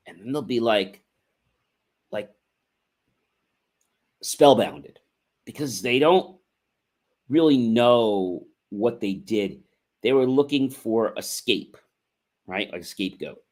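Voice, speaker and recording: A man hosting a motivational livestream, talking earnestly and repeating himself, with frequent fillers and asides to "ladies and gentlemen". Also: mid-range voice, animated. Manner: measured delivery with frequent fillers. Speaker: host.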